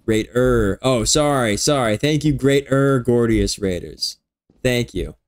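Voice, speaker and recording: A man chats casually while streaming a game. He jokes a lot and plays at being stubborn, answering teammates and viewers in a mid-pitched, ordinary voice. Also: unhurried. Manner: joking, playfully defiant. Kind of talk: casual gameplay chat.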